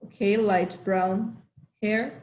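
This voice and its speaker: A woman teaching an online language lesson, explaining slowly and patiently with lots of repetition. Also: mid-range voice, fairly even intonation, a little mellow, slight background noise. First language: Portuguese. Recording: echoey room.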